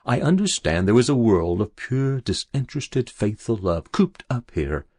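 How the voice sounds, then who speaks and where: A man's voice: medium pitch, lively intonation, normal speed, darkish tone, no echo, studio quality. A man voicing a bitter, raging old miser uncle in an audiobook, scornful and snarling. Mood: sarcastic. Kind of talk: audiobook character voice.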